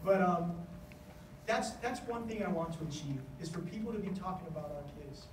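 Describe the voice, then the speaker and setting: A man giving a conference speech as an education official, telling stories in a lively way and acting out the voices he quotes. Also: sits high, brisk, reverberant, recorded from a distance, a little hiss or hum, poor audio. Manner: animated storytelling, acts out quoted voices. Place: conference hall.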